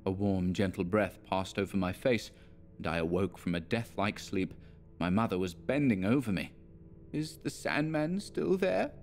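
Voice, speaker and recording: A man narrating a dark story in a measured, dramatic reading. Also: deep voice, faint music behind.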